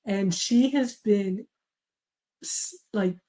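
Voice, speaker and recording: A woman's voice: mid-range voice, very slow, mellow, poor audio. A middle-aged woman, a memoir author, telling family stories in a conversational interview and often laughing as she quotes relatives. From raised in a traditional Chinese family.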